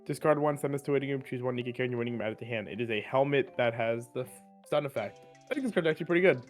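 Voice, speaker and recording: A man talks quickly and evenly in a relaxed co-host chat, running through card text and then giving short, blunt judgments. His voice sits at an ordinary pitch, with faint music playing underneath. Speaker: co-host reviewing cards.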